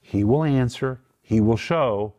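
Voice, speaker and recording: A middle-aged man delivers televised Bible teaching. He speaks emphatically and breaks Greek words down step by step. His pitch sits in an ordinary middle register. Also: slow pace, dark tone.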